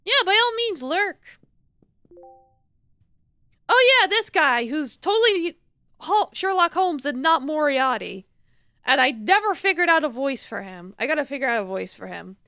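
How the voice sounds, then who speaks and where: Lively, playful woman streamer. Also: sits high, unhurried, long pauses, no room sound, clean studio sound. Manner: playful, laughs often, comments on dialogue. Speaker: game streamer. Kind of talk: live game playthrough chat.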